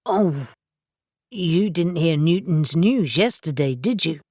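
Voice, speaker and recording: A blunt, irreverent young man with a sardonic edge, as a woman narrator reads him. He talks low and slowly, in a close, dry sound. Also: lively intonation, dark tone, no room sound, full character voice. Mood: irritated.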